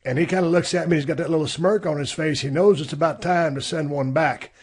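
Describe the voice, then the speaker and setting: A man's voice: fairly high pitch, fairly even intonation, quick pace, darkish tone, breathy edge. A middle-aged man hosting a podcast, telling a laid-back, profane story with plenty of fillers. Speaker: podcast host. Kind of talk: casual storytelling.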